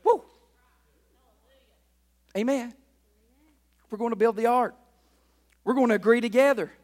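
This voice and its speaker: A pastor preaching a sermon in a church, drawing call-and-response from the congregation and swinging between loud declarations and quiet asides. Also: male voice, very high voice, moderate pace, long reverb tail. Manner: call-and-response preaching, frequent "right?" and "amen?".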